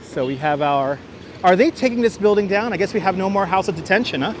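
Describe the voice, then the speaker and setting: A livestream host with a high-pitched, lively voice talks fast as he walks city streets outdoors in a casual stream. He speaks into a wireless clip-on mic, restarting phrases and thanking viewers along the way, with a little hiss or hum audible.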